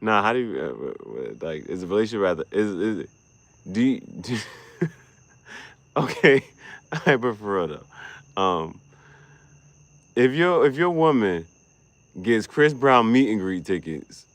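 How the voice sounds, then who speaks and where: A man giving casual, joking livestream commentary, profane and quick to laugh. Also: fairly low pitch, sing-song, no echo. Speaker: streamer.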